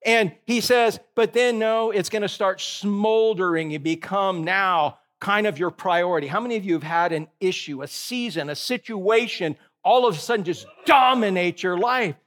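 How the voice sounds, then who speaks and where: A man preaches a sermon in a notably high voice. He drives his points home with animated energy, breaking off into joking asides with people in the congregation. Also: moderate pace, hardly any pauses. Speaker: pastor.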